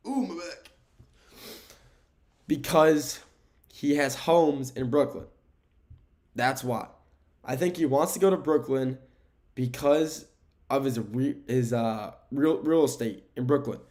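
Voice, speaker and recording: Young male podcast host, middle-pitched, casual and rambling, opinionated sports takes, recorded at home. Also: dark tone. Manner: rambling, opinionated, self-correcting. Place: home room with window blinds.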